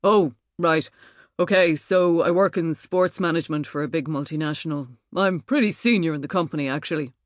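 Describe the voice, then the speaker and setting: A woman's voice: sits low, brisk, no room sound, studio quality, natural voice. A woman voicing a blunt, distracted, hungry hulking rugby player in an audiobook.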